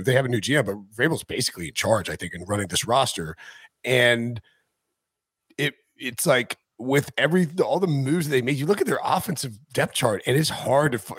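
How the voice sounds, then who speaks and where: A man's voice: medium pitch, slightly rough, dry recording. A man talking football on a podcast in a casual, rambling way with lots of fillers. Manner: rambling, filler-heavy, animated asides. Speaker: podcast analyst. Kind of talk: casual chat.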